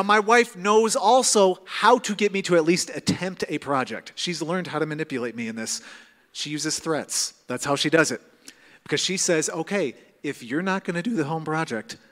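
A pastor in his thirties preaches to his congregation, his fairly high voice carrying animated, self-mocking stories. The sound rings out with the long reverb of a large church hall. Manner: self-deprecating storytelling, animated. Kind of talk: sermon. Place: church auditorium.

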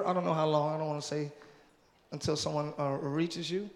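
A pastor with a high-pitched voice and quick pace works the crowd during a live service in a big church auditorium. He teases the congregation and greets visitors, and the hall's crowd noise comes through clearly.

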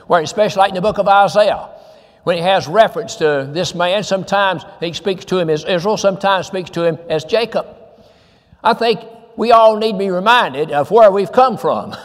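A man's voice: sits high, big-room sound. A male pastor, preaching a sermon with emphatic repetition and scripture quotes.

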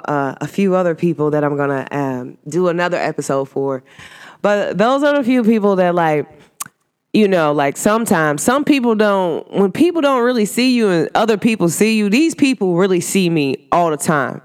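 Smooth-voiced woman in a rambling, animated vlog. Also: lowish voice. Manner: animated, rambling, warmly emphatic. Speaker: vlogger. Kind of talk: casual heartfelt talk to camera.

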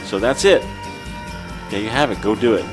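Chatty low-voiced podcast host. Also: male voice, normal speed, loud music behind the voice. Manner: chatty, salesy plugs, laughs often. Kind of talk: casual podcast chat.

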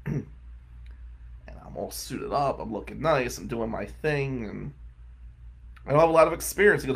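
With a gravelly, husky voice at medium pitch, a lawyer in his forties tells loose, casual comic stories at a moderate pace with long pauses. He's animated, pokes fun at himself, and slips into the voices of the people he describes.

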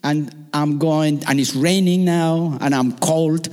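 A man telling a stand-up comedy story with a fairly high voice that leaps even higher when he acts out his own outbursts. His delivery is animated and rambling, full of asides. The sound carries a long reverb, as if from a hall. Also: takes it slowly. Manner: animated, swings into shouted and high-pitched quoted voices.

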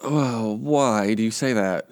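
A lower-pitched man co-hosting a podcast, chatting casually and wryly, laughing often and trailing off with the odd um. The recording is dry and close, with no room sound. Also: takes it slowly, darkish tone, no room sound. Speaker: podcast co-host. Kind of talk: casual chat recapping a reality show.

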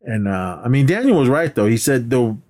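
In a casual movie recap on a podcast he co-hosts, a man rambles through film scenes and acts out characters' lines by jumping his voice up. His mid-range voice swings widely in pitch, with a brisk pace and a darkish tone.

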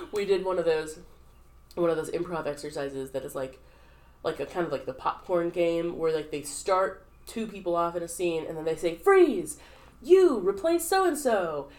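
A woman's voice: lowish voice, fairly even intonation, moderate pace, a little mellow. A young woman from the southern United States, co-hosting a casual podcast chat, rambling through a story with lots of fillers and quoted voices. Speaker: podcast co-host.

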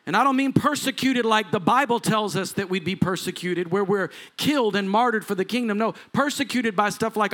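A man's voice: high voice, a little fast, few pauses, a bit bright. A man, a lead pastor preaching a sermon to a congregation in a church, with rising intensity and asides to the crowd. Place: church sanctuary before a congregation.

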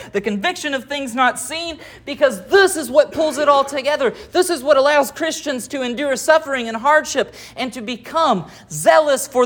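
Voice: high voice, fairly bright tone. A pastor preaching an expository sermon, reading scripture aloud and explaining it, often asking rhetorical questions. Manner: reads scripture aloud and comments verse by verse.

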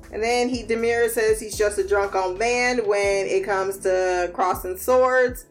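A woman casually recapping a TV episode, slangy and animated, acting out the characters' lines and laughing often. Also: a little high.

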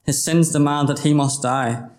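A man's voice: on the high side, fairly even intonation, moderate pace, a little mellow. A man preaching a gospel sermon, earnest and pleading, speaking directly to the listener as "my friend". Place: gospel hall. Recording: roomy hall echo.

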